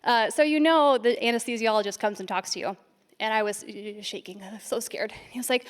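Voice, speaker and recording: A woman's voice: on the high side, clean tone. Nervous woman giving a lightning talk. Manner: nervous, self-deprecating, quick storytelling. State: shaky voice from nerves. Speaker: conference speaker. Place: conference stage.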